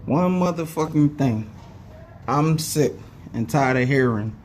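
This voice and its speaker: A man's voice: mid-range voice, moderate pace, a little mellow, a little hiss or hum. A young man, ranting to camera as a sports fan, profane and heated, with a headache, often saying "know what I'm saying". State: has a headache. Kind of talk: casual rant to camera.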